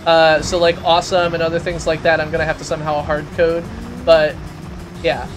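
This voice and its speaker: A man hosting a live game stream, chatting casually and ranting loudly in rambling asides. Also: on the high side, little pitch movement, brisk, music in the background.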